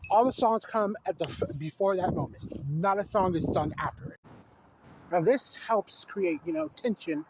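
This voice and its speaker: A man with a notably high voice rambles through a casual film rant, restarting sentences and piling on fillers as he gets exasperated. It sounds recorded on a phone camera at home, with a faint noise underneath. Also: moderate pace. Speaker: video essayist.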